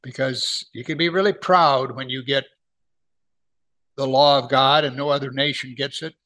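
This is a middle-aged preacher with a medium pitch, fairly even intonation and a fairly bright tone. He teaches a verse-by-verse Bible lesson conversationally, raising rhetorical questions and slowing markedly whenever he reads scripture aloud.

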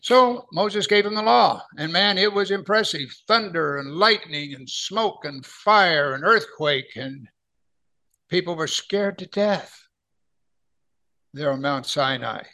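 On the high side, animated, bright and forceful, a middle-aged preacher works through scripture verse by verse. He chats with listeners, asks them rhetorical questions, and slows way down for the passages he reads aloud.

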